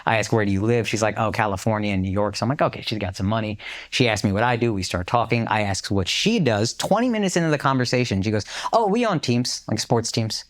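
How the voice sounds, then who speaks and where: A man's voice: fairly low pitch, fast talker. A man co-hosting a podcast, telling a story in casual chat, acting out the voices of people he quotes and swearing freely. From United States. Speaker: podcast co-host.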